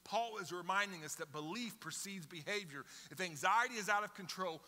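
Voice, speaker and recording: A middle-aged man preaching a sermon to his church, conversational and animated, acting out little scenes as he goes. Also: sits high, a little fast, big-room sound, a little hiss or hum. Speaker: pastor. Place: church sanctuary with congregation.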